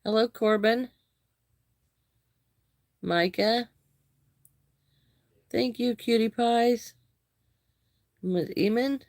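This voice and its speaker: A woman's voice: on the high side, a little mellow, no room sound, studio quality. Chatty woman hosting a crochet livestream. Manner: greets and thanks viewers by name, chatty, halting restarts. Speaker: livestream host. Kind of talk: live crochet stream chat.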